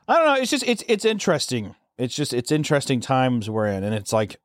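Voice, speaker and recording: A man's voice: medium pitch, wildly swooping pitch, quick pace, no room sound, clean studio sound. A man co-hosting a podcast in casual chat, rambling, swearing freely and restarting his sentences. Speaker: podcast co-host.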